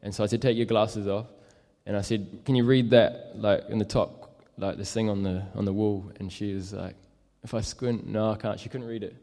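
A man's voice: fairly low pitch, steady tone, moderate pace, few pauses, dark tone, big-room sound. A young man telling a casual, rambling story as a street evangelist, full of fillers. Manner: rambling, many fillers and likes.

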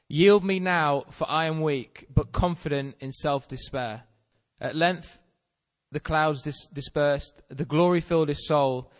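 A man reads an old religious text aloud to a gathering, seeing it for the first time. His voice sits a touch high and carries a long reverb through the hall. He stumbles here and there as he reads. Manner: sight-reading an old text, occasional stumbles. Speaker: guest reader. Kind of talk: reading aloud unrehearsed.

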